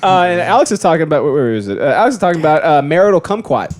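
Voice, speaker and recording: A man's voice: on the high side, very animated, rapid-fire, slight background noise. A man co-hosting a podcast, bantering playfully, teasing and laughing often. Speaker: podcast co-host.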